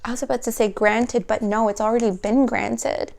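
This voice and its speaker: Woman, tarot reader, fairly high voice, smooth and clear, soft dreamy delivery, halting restarts. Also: fairly even intonation. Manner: emotional, at times laughing through tears. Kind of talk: intuitive tarot reading.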